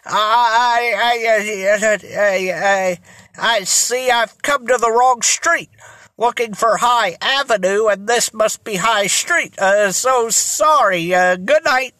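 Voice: medium pitch, slow, sharp tone, no room sound. A reader voicing Mister French, a nervous, stammering male costume dealer in a storybook reading. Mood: flustered. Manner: stammering, flustered.

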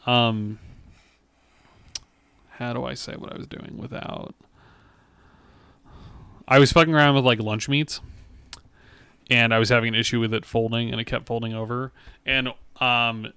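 A man co-hosting a podcast in casual chat, profane and quick to laugh at his own stories. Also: mid-range voice, fairly bright tone, smooth, no echo. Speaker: podcast co-host.

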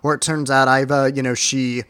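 A man's voice: medium pitch, little pitch movement, normal speed, a bit bright, clear, resonant tone, no echo. A man co-hosting a podcast, rambling and swearing casually as he reviews a movie. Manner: rambling, profane, quotes lines in put-on voices. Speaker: podcast co-host.

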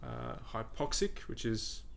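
A podcast guest who coaches breathing explains in a relaxed, talkative style, repeating words as he gathers his thoughts. His medium-pitched voice is gravelly and measured in pace, with slight background noise behind it.

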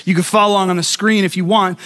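With a clean, high-pitched voice at a quick pace, a middle-aged pastor tells a personal story during his sermon. He's a lively storyteller who performs the quoted lines and trips over himself, restarting and repeating words.

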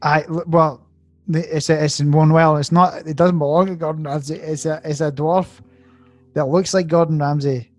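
A man, co-hosting a podcast, reading out tabloid headlines in a laid-back, deadpan way. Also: a little high, moderate pace, no room sound. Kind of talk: casual banter.

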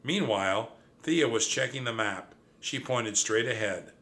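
A man reading a children's storybook aloud with an expressive, lively delivery. His voice is bright and forward at a middle pitch. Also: unhurried. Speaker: audiobook narrator. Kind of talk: storybook narration.

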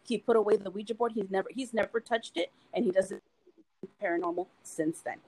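A woman, a guest in a casual chat, tells a story in an earnest, halting way. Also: mid-range voice, darkish tone, breathy edge, no echo, rough recording.

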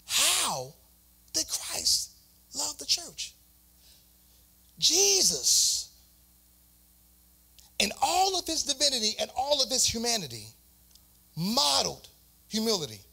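A man's voice: very high voice, huge pitch swings, slow pace, creaky, pauses often, bright, forceful tone, husky. A man preaching a sermon as pastor, in a sing-song cadence with repeated phrases.

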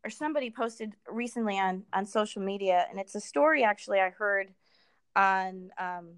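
A middle-aged woman talks in an easy, conversational way, stopping and restarting with lots of fillers. Her voice sits in an ordinary middle pitch. The sound is close and dry, with no room around it. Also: clear, resonant tone, no room sound. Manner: halting, many fillers and restarts. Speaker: guest. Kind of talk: casual conversation.

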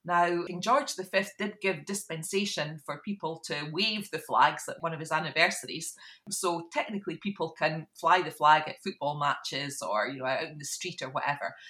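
A Scottish woman co-hosting a podcast, explaining history in a lively, informative way. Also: low-pitched. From Scotland. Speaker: podcast co-host. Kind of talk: explanatory casual chat.

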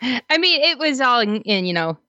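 A woman's voice: fairly high pitch, sing-song, normal speed, bright, forceful tone, no echo. A woman in laid-back, laughing casual chat, recorded with a dull lo-fi sound.

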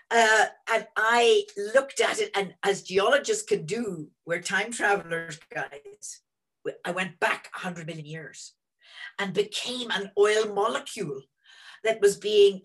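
A woman in her sixties, a guest telling students about her career in an animated, rambling way from home over a video call. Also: mid-range voice, poor audio. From Northern Ireland. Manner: animated and rambling, many restarts. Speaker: interview guest, energy executive. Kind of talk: reflective storytelling to students.

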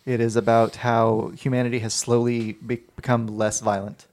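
A man's voice: medium pitch, level tone, normal speed, a little mellow. A man co-hosting a podcast in casual chat, talkative and speculative, filling his talk with "like". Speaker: podcast co-host.

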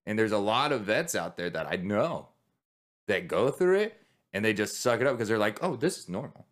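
A man's voice: fairly low pitch, sing-song, normal speed. A man who is a military veteran, talking candidly in a casual podcast conversation, rambling with many restarts and swearing.

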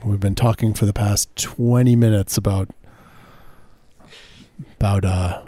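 A man with a low, mellow voice hosts a jokey radio chat, delivering absurd riffs in a deadpan way. He stumbles and restarts as he goes. The sound is close and dry. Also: a little slow, long pauses, dry recording. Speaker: comedy radio host. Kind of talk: joking casual banter.

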